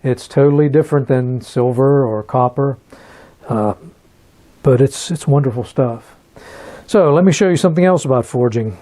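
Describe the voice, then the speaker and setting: A man teaching metal forging in a hands-on demonstration, talking in a relaxed and halting way and repeating words while he works. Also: medium pitch. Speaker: metalsmith instructor.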